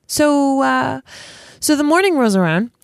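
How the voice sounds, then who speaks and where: A woman in her thirties co-hosting a TV show podcast, telling a personal story in a chatty, expressive way. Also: sits high, a little slow, creaky, no room sound, studio quality. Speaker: podcast co-host. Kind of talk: casual chat and storytelling.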